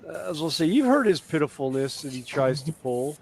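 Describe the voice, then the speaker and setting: A man's voice: fairly high pitch, very animated, fast, vocal fry, husky. A man chatting casually as a live stream host, telling rambling stories full of fillers and restarts. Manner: rambling, filler-heavy storytelling. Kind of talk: casual chat.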